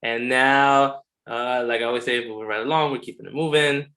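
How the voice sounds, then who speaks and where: A man hosts an online poetry reading with an upbeat, chatty manner full of casual slang. His voice has a bright, forceful tone, and his pitch sits in the middle range. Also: fairly even intonation, brisk, slight background noise. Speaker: host. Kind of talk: event hosting. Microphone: video call.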